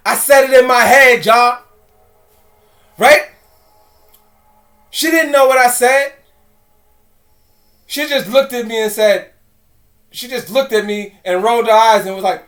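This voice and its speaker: A man's voice: very high voice, measured pace, long pauses, fairly bright tone. A man telling a story to his audience in a casual, chatty way, talking to them directly and repeating phrases. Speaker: presenter.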